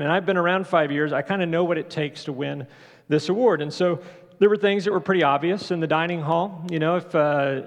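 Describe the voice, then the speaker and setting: A man preaches to his congregation, talking it through casually and asking questions. His voice sits a little high with a gravelly edge. It rings out in a reverberant church sanctuary. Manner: conversational, asks the congregation questions. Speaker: pastor. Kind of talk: sermon.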